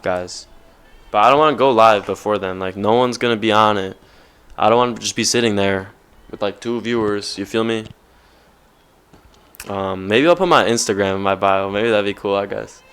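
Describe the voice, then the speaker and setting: A man's voice: on the low side, fairly bright tone, smooth. A young man vlogging off the cuff, rambling with lots of slang and filler words. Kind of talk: casual off-the-cuff vlog talk.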